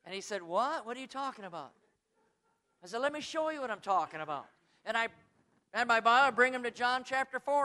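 High-voiced preacher man shouting emphasis. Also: smooth. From United States. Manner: swings from soft asides to shouted high emphasis. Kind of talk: sermon.

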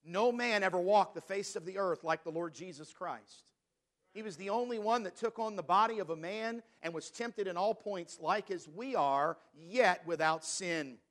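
High-voiced man preaching a sermon. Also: a bit bright. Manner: preaching, reads scripture in King James wording, slows for emphasis. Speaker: pastor.

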